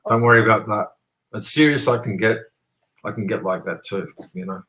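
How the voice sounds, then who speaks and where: A man's voice: on the low side, fairly quick, crowd noise, low-quality recording. An Australian man telling a rambling story as an interview guest, swearing freely and talking with animation. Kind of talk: casual storytelling.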